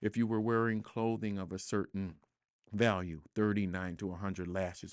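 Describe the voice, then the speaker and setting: A man's voice: fairly low pitch, level tone, normal speed, clear, resonant tone, no echo. A man speaking as a guest author in a studio interview, earnest and reflective, building to emphatic points. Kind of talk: podcast interview conversation.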